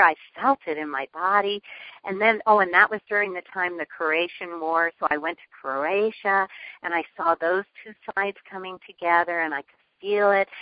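A woman guest telling a personal story in an interview, earnest and lively, laughing often. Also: medium pitch, no room sound. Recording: dull lo-fi phone line.

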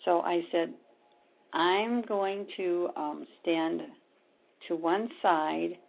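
Gravelly husky-voiced woman telling a story. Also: fairly low pitch, steady tone, very slow. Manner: retells events with quoted dialogue, many ums. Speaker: spiritual healer guest. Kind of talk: storytelling in a conversation. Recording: dull lo-fi sound.

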